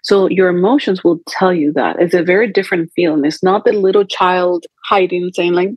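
Her pitch is fairly low and her tone steady, at a normal speed, a little mellow with a breathy edge. She's a holistic coach guesting on a podcast, reflectively talking through feelings in conversational coaching talk and voicing her inner dialogue as quotes. There's no echo, but the recording is rough.

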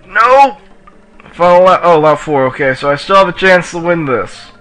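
A man giving casual let's play commentary while racing, excitable and yelling at the racers in the game, with a sore throat. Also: a little high, a little fast, soft background music, low-quality recording. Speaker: gamer playing on his channel.

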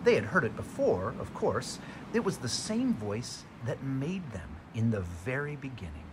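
Expressive male storybook narrator. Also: mid-range voice, noisy background. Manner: expressive, dramatic.

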